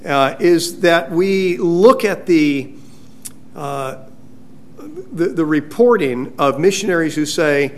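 A male pastor preaching a sermon in a church, conversational and halting, with frequent restarts. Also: sits high, animated. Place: church sanctuary.

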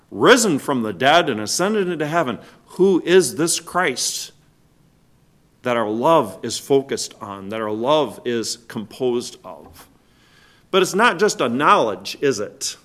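A pastor with a mid-range voice preaches a sermon, posing rhetorical questions to the congregation. He swings between loud, stressed words and quiet drops.

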